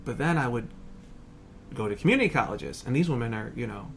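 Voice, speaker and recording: A man's voice: medium pitch, a little fast, creaky, a little hiss or hum. A man in his thirties, a podcast guest chatting on a front porch, telling stories animatedly and acting out the voices of people he quotes. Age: 30s. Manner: animated storyteller who acts out quoted voices. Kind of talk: casual conversation. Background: lawn mower across the street.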